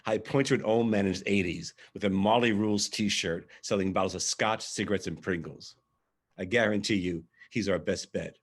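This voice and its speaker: A man's voice: lowish voice, fairly even intonation, moderate pace, slightly rough. A man reading a candid, wry first-person monologue for a verbatim theatre reading, as a male arts director telling his story.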